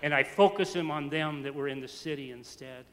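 Earnest folksy preacher in a big hall. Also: male voice, a little high, a little fast, fairly bright tone. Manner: folksy, earnest, laughs at own jokes. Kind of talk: storytelling sermon. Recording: long hall reverb, faint ambience.

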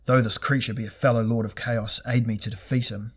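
A man's voice: medium pitch, fairly even intonation, brisk, slightly rough, natural voice. A man reading an audiobook, voicing a tormented male sorcerer-warrior with strained, pleading cries. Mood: breathless plea.

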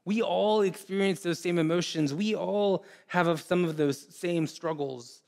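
A man preaching a sermon in an earnest way, often repeating words and pausing. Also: high-pitched, creaky, darkish tone. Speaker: pastor.

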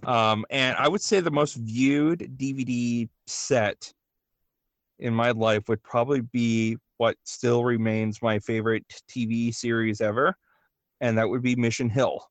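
A young man speaks as a guest on a casual podcast, deliberate and detail-minded with a dry edge. His voice is an ordinary pitch for a man, and the recording is close and dry with no room sound. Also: fairly even intonation, no room sound. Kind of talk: casual chat.

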